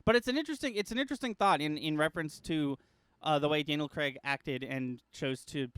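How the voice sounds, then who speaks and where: Thoughtful young man, clear voice. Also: a little high, fairly quick, fairly bright tone, no echo. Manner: thoughtful, hedging, swears casually. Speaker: podcast co-host. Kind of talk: casual film discussion.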